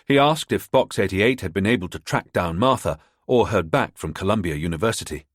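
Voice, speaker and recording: A man narrating a spy thriller audiobook in a measured storytelling manner, close to the mic. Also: lowish voice, expressive, dry recording. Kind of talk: scripted narration.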